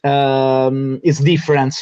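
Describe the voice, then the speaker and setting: A man with an Italian accent, a native Italian speaker, hosting a live fan club interview in halting English with many fillers. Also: medium pitch, flat delivery, dark tone, clear, resonant tone, muffled recording. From Italy.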